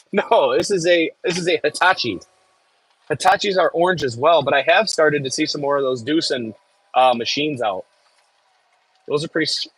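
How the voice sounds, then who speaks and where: Sitting in an excavator, a Midwestern farm worker reads his live stream's viewer comments out loud, tossing in jokes as he chats. His somewhat high voice is a bit bright and slightly rough, and the audio quality is poor.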